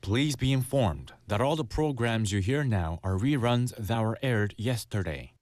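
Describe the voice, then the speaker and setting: Deep formal male station announcer. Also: animated, a little mellow, no echo, clean studio sound. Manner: measured, formal.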